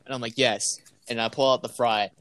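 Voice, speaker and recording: A man's voice: mid-range voice, steady tone, a little fast, fairly bright tone. A young man, a podcast co-host, rambling through a funny story in casual chat, quoting his friends and often breaking into laughter. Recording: noisy home recording.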